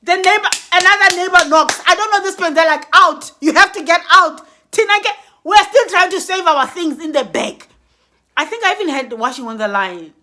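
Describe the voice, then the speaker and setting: Very high, bright woman. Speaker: vlogger telling a story. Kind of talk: animated storytime vlog.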